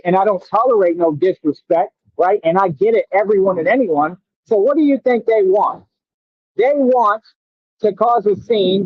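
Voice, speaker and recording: A brash, boastful man rants at his critics in a high, confrontational voice. The sound is tinny and phone-like, and very dry with no room around it. He drags out words slowly when he wants them to land. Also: slightly rough, no room sound. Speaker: radio show host. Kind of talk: combative live-stream rant at commenters.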